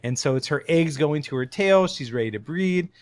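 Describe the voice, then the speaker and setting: A man who is a podcast guest, explaining things in a friendly, casual way with quick asides. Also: fairly high pitch, animated, no echo. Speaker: podcast guest, shrimp breeder.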